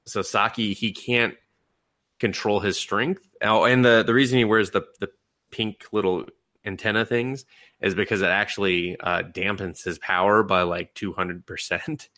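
A man's voice: on the low side, steady tone, moderate pace, pushed and bright. A man hosting a podcast, casually and animatedly recapping an anime, laughing and acting out the characters' lines. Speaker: podcast host.

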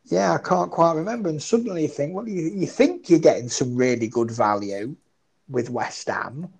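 A man's voice: on the high side, moderate pace, vocal fry, darkish tone, breathy edge, low-quality recording. Chatty man talking football bets. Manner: chatty, self-deprecating, thinks aloud. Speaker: football betting tipster. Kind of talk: casual betting podcast chat.

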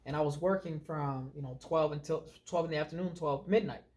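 Man, podcast co-host, animated storyteller, casual chat, slightly high voice. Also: fairly quick. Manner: animated, storytelling, filler-heavy.

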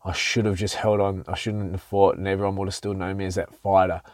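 A man tells a personal story to his podcast listeners in a loose, animated way. He often restarts his sentences and acts out his own thoughts as he goes. His voice sits fairly low, and the recording is dry with no room sound. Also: a little fast, no room sound. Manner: animated, with frequent restarts and self-quoting. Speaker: podcast host. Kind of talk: casual storytelling monologue.

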